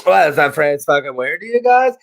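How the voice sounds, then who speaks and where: High-voiced profane man hosting a live show. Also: very animated, brisk, creaky, a bit bright. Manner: rambling, profane, slips into mock voices and laughs. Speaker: podcast host. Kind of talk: profane live-stream comedy chat. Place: home studio.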